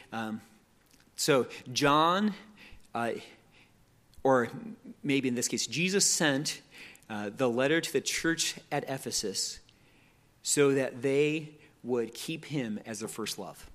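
Man, Bible teacher, slightly high voice, conversational, stumbles and restarts often. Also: fairly bright tone. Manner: conversational, many repeated words and restarts. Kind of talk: teaching talk on Bible meditation.

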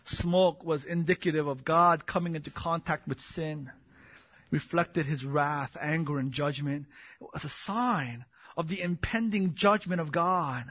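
A man preaching a sermon, swinging from hushed, slow passages to booming, impassioned declarations. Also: dry recording, highs cut off.

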